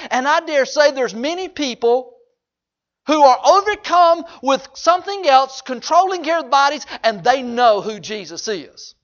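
A man preaching a sermon, swinging from hushed low asides to loud, high-pitched exhortation. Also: muffled recording. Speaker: pastor.

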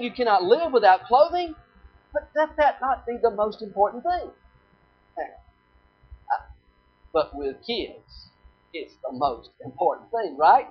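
A preacher delivers a sermon, posing rhetorical questions, repeating phrases, and quoting scripture in old-fashioned wording. The medium-pitched voice swings widely in pitch, is slightly rough, and moves slowly with frequent pauses. The dull lo-fi recording carries faint music.

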